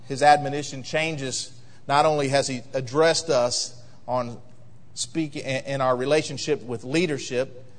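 Animated preacher in an echoing church. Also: male voice, a little high. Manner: animated preaching with rhetorical questions. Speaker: pastor. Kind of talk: sermon. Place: church sanctuary.

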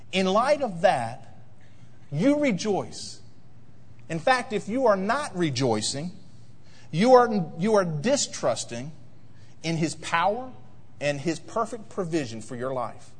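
A pastor delivers a sermon in a high, lively voice. He keeps prodding the congregation with rhetorical questions. Every phrase trails off in a long church reverb. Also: slow pace, long pauses. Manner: animated preaching with rhetorical questions. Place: church sanctuary.

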